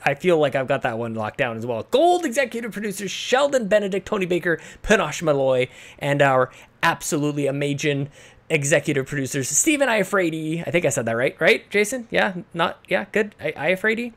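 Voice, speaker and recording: A man's voice: on the high side, fairly bright tone. A man co-hosting a live podcast, chatting casually and running through a thank-you list in a rambling, self-deprecating way. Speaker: podcast co-host.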